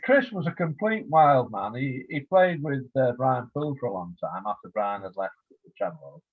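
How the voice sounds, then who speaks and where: A husky-voiced man in his seventies, heard over a thin, tinny phone-like line. He talks as an interview guest, rambling through an anecdote and slipping into quoted dialogue as he goes. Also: medium pitch, lively intonation, moderate pace, no echo. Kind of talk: casual storytelling interview.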